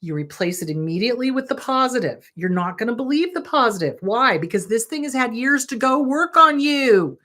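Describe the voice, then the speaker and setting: Blunt, animated woman therapist. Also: on the high side, brisk, few pauses. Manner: blunt, animated, swears for emphasis, checks in with "okay?". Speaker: therapist, podcast host. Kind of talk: casual advice monologue.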